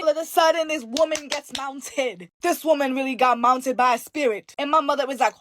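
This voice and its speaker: High-voiced sassy woman telling spooky tales. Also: fairly quick, hardly any pauses. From Haiti. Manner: sassy, profane, animated. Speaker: storyteller. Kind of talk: casual spooky storytelling.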